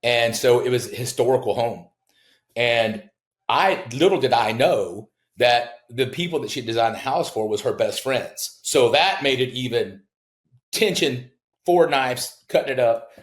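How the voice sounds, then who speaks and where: A middle-aged man, a home builder and podcast guest, telling stories in casual talk and acting out the people he quotes with big leaps in pitch. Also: a little slow, echoey room. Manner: animated storyteller who acts out quoted people with big jumps in pitch. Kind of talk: casual storytelling in a podcast interview.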